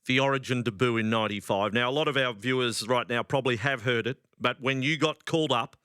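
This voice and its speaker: Australian male sports host, bright tone, chatty and jokey, dry mic. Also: mid-range voice, fast talker, smooth, no room sound. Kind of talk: TV sports interview.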